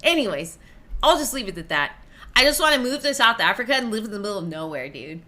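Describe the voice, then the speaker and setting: A woman in her thirties, a streamer telling casual stories in an animated way, swearing and laughing often. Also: medium pitch, quick pace. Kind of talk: casual storytelling.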